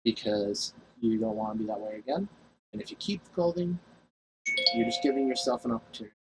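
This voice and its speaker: A man's voice: mid-range voice, brisk, noisy background. A man vlogging to his camera at home, telling a story casually in a rambling, profane way and laughing at himself.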